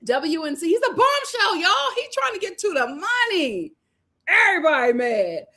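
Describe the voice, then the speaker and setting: A woman hosting a casual livestream, reading viewer comments aloud, animated and laughing often as she talks. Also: very high-pitched, normal speed. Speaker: host of a reality TV review livestream.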